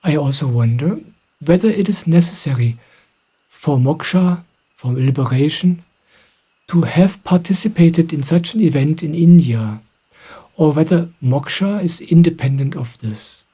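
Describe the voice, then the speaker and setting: A middle-aged man, a spiritual teacher, calmly answering questions in a gentle, reflective way. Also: on the high side, a little slow, slightly rough. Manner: gentle, reflective, soft-spoken. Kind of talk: calm satsang answering questions.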